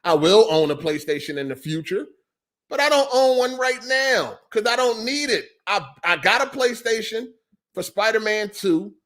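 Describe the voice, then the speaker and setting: A high-pitched man speaking at normal speed hosts a live gaming podcast, ranting heatedly and profanely. Animated, he talks back to chat as he answers it.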